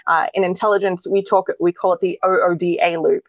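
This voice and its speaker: A woman's voice: on the low side, flat delivery, fairly quick, no echo, muffled recording. A woman, a guest expert earnestly explaining in a conversational interview, often restarting her sentences.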